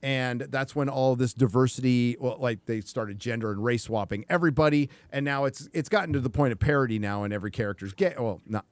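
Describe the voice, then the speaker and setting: A man's voice: medium pitch, a little fast, hardly any pauses, no room sound. A man hosting a casual livestream talk show, emphatic and profane, with rambling asides. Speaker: show host.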